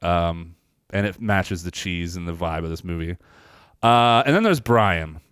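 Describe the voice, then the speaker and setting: Low, smooth-voiced man rambling about movies. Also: lively intonation, measured pace, fairly bright tone, no echo, clean studio sound. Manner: rambling, swears freely, fillers, retells scenes animatedly. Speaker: podcast co-host reviewing films. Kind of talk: casual chat.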